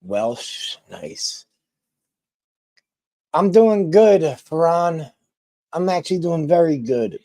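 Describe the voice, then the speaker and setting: A man's voice: fairly high pitch, very animated, slow pace, pauses often, dark tone, no echo. A man chatting casually with viewers on a live stream, rambling with lots of ums and restarts.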